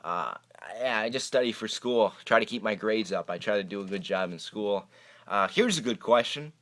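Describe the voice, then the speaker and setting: A man's voice: on the low side, moderate pace, fairly bright tone. A young man hosting his own magic channel, answering viewer questions in a chatty, rambling way with many hesitant restarts. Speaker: YouTube magic channel host. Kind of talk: casual Q&A vlog. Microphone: camera microphone.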